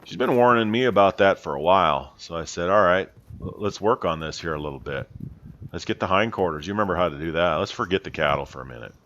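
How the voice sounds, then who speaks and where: A man with a deep, low voice gives calm voice-over on his own riding footage as a horse trainer. He explains plainly and is open about his own mistakes. The sound is somewhat dull and lo-fi. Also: fast talker, a little hiss or hum.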